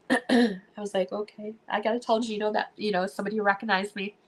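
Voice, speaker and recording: A woman with a mid-range voice speaks briskly while hosting a live stream. She recounts stories in a casual chat, full of life and laughing often as she reenacts what people said.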